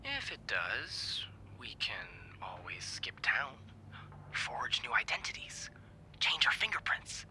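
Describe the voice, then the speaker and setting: A friendly young hotel receptionist in a video game, playful and quick to joke. His voice is bright and swoops widely in pitch, often dropping into a hushed, conspiratorial whisper. Faint ambient sound sits behind him. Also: very animated, a little hiss or hum, full character voice, poor audio.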